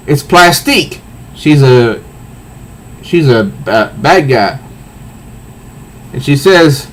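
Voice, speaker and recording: A man casually reviewing a comic book, recounting panels in a halting way with repeated words. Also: mid-range voice, lively intonation, poor audio.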